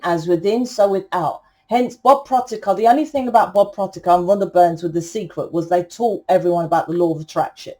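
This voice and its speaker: Brief: outspoken woman tarot reader, mellow dark tone, swears freely, lectures with force. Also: mid-range voice. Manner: blunt, swearing, preachy, emphatic. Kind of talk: collective tarot reading.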